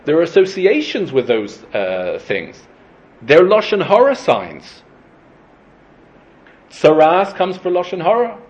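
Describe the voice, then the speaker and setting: A man giving a Torah class, thinking out loud, asking questions and restarting his phrases. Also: fairly high pitch. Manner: thoughtful, questioning, frequent restarts. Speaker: Torah teacher. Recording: dull lo-fi recording.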